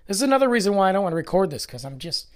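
Stuffy nasal guy doing his podcast alone, kinda sick sounding, grumpy and rambly, pitch all over the place. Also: sing-song, racing, darkish tone. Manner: grumbling, self-deprecating, rambling. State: congested from illness. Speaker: podcast host. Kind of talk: casual solo podcast monologue.

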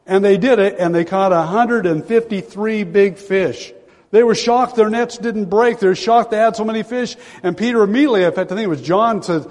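A man's voice: high-pitched, normal speed, darkish tone. A man preaching a sermon, retelling a story with emphasis and often repeating his key phrases. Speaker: pastor. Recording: long hall reverb.

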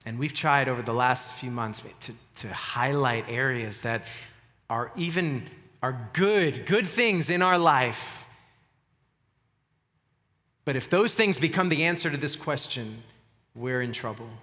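A man's voice: medium pitch, measured pace, pauses often, pushed and bright. Emphatic male pastor preaching in a hall. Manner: earnest, emphatic preaching with repeated words. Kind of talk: sermon.

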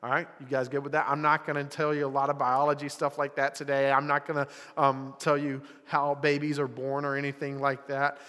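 A man's voice: medium pitch, monotone, brisk, few pauses, a bit bright. A young man preaching a casual, conversational sermon to youth in church, with lots of filler words. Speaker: youth pastor. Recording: live recording with long hall reverb.

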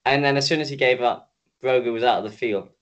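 A tired young British man co-hosts a casual podcast, joking, rambling, swearing, and slipping into mock announcer bits. He talks fast in a mid-range voice.

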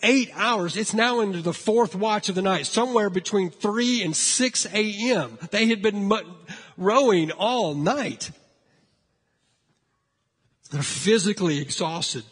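A man preaching a sermon, telling a story with lively acted-out voices. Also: on the high side, slightly rough, in a large hall. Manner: animated storytelling, acting out frightened voices. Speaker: pastor.

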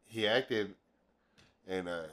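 A man, an actor guest on a podcast, talking casually and hesitantly with many pauses. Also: lowish voice, a bit bright. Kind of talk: casual chat.

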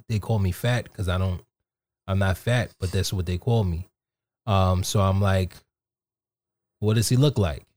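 A man's voice: lowish voice, darkish tone, dry recording. A man co-hosting a casual podcast, telling loose, profane, joking stories about his kids. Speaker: podcast co-host, father.

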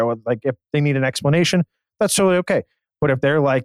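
A man's voice: medium pitch, very fast, dry recording. A man co-hosting a casual sports podcast who explains things at length, chatty and full of fillers. His voice is recorded dry, with no room sound. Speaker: podcast co-host.

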